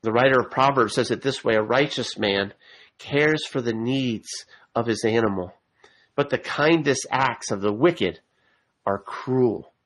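A man's voice: mid-range voice, measured pace, fairly bright tone, low-quality recording. Male preacher, earnest sermon delivery that climbs into emphatic appeals. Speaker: pastor.

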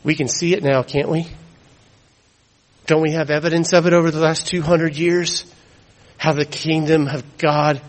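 A man preaching a sermon, emphatic, repeating key phrases and dropping to hushed tones for weight. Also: fairly high pitch, rough recording.

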